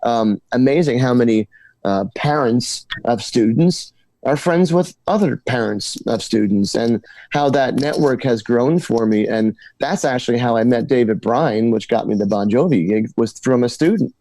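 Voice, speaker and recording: A man from New Jersey spins casual stories as a guest on a talk show, animated and quick to repeat himself when he gets going. His voice sits in a middle range and is recorded dry and close. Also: mid-range voice, no echo. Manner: animated storyteller, repeats words when excited. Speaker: guest musician. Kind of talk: casual storytelling interview.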